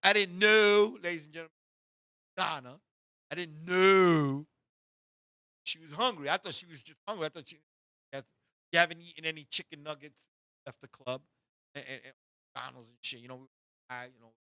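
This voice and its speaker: A man hosting a talk show, telling a raunchy story in an animated way, bursting into shouts and turning to his co-host again and again. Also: on the high side, a little fast, long pauses, no echo, clean studio sound.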